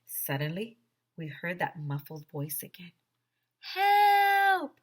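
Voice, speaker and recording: A woman teacher reading a children's chapter book aloud, animated and full of character voices. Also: fairly low pitch, measured pace. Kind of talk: children's storybook read-aloud.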